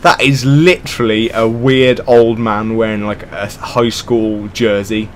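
Speaking at a measured pace with fairly even intonation and a fairly low pitch, a young gamer commentates with sarcasm, bursts of ranting, plenty of swearing and frequent laughter. Slight background noise is audible.

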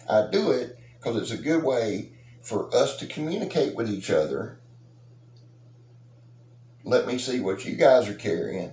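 A man's voice: mid-range voice, animated, unhurried, long pauses, a little mellow. A middle-aged man, hosting a knife channel and chatting casually to his subscribers in a rambling, joking, boastful way. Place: outdoors. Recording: roomy echo with faint noise.

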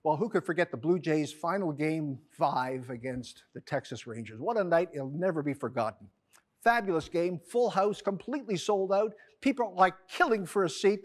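A man telling a joke in an expressive storytelling way, dropping his voice for the characters. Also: high voice. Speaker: joke teller.

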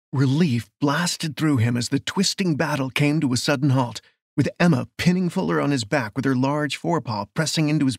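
Gravelly male audiobook narrator. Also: medium pitch, dry recording, clean studio sound. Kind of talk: scripted romance narration.

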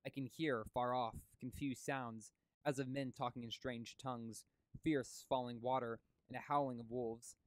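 A man voicing a young woman who speaks slowly and dreamily from a trance. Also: mid-range voice, steady tone, smooth, no room sound, lightly acted. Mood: entranced.

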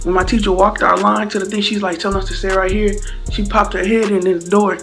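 A man's voice: high-pitched, fairly quick, vocal fry, soft background music. A young man from Slidell, telling a story casually in slang and acting out the blows with sound effects. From Slidell, Louisiana. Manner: animated, slangy, acts out hits with sound effects. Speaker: vlogger.

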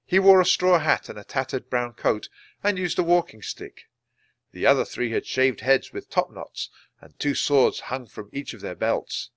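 Brief: clear male audiobook reader, animated delivery, dry close recording. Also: mid-range voice, moderate pace, no echo. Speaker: storybook reader. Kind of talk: audiobook narration for language learners.

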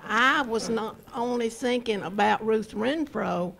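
A woman in her nineties from Georgia, making slow, joking remarks as a birthday guest at a community party. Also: on the high side, vocal fry, a bit bright, a little hiss or hum. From Georgia, USA. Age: 90s.

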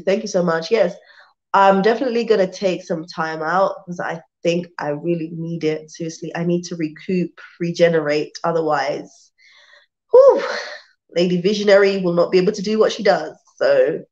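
A woman's voice: on the low side, darkish tone. Chatty British woman, lo-fi sound. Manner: chatty and rambling, with many restarts and fillers. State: tired, worn out. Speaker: vlogger on a live stream. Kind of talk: casual live-stream chat answering viewer comments. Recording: dull lo-fi sound.

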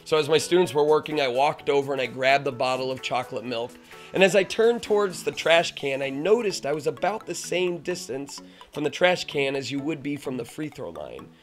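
A man, a teacher, telling a funny story from his classroom in a lively way, dropping low and then getting excited. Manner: lively, swings from hushed to excited. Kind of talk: animated personal storytelling.

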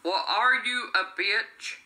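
A woman's voice: medium pitch, takes it slowly, sharp tone, reverberant, poor audio. An older woman, a grandmother, telling a story in a blunt, foul-mouthed, cantankerous way in a casual family video.

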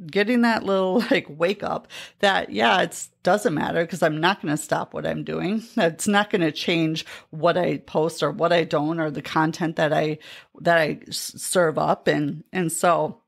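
A woman's voice: deep voice, steady tone, unhurried, vocal fry. A middle-aged woman coach chatting casually on a podcast, retelling conversations with lots of fillers. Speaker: life coach.

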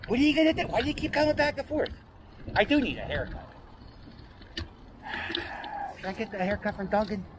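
A man talks in a high voice that swings widely up and down. He rambles excitedly to himself while riding a bike down a city street. Traffic and street noise are clearly heard around him. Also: a little fast, long pauses. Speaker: vlogger. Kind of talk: casual vlog monologue while cycling.

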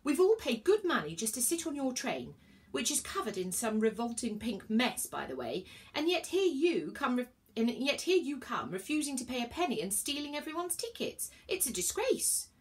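A woman's voice: sits high, sing-song, moderate pace, pitched above the performer's own voice. A woman voicing a curious, literal-minded female star being from the sky, prim and indignant.

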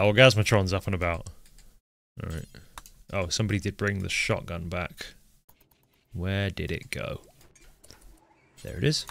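A man's voice: sits low, fairly even intonation, a little slow, gravelly, pauses often, fairly bright tone, no echo. A man with a light Northern English accent, chatting casually while live-streaming a colony game and reading chat aloud. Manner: chatty, reads chat aloud, swears at characters.

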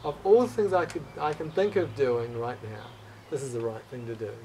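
A man's voice: mid-range voice, fairly quick, a little mellow, recorded from a distance, slight background noise, rough recording. A man telling a personal story as a guest in a conversation. He speaks earnestly and with open emotion, stumbling, restarting and repeating words as he goes.

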